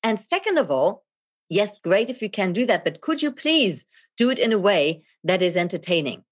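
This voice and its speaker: The middle-aged woman is a video and leadership coach being interviewed on a podcast, and she's animated and theatrical, often laughing. She has a medium pitch and keeps a moderate pace.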